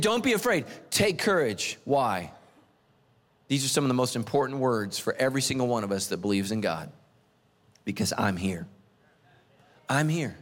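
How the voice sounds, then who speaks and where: A middle-aged man preaching a sermon in a church, animated and joking, swinging his pitch up and down for emphasis. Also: long reverb tail. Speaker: pastor. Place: church sanctuary.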